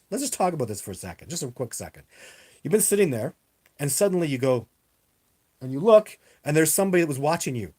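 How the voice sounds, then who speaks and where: Through a webcam on a live video stream, a man with a slightly high, somewhat mellow voice takes viewer questions in a casual Q&A. He tends to ramble, stresses his points and says things more than once.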